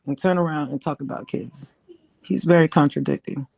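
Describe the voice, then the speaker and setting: A woman's voice: deep voice, brisk, vocal fry, a little mellow, no room sound. A woman guest on a livestream with a Southern US accent, speaking bluntly and emphatically in support of the host. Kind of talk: casual supportive chat.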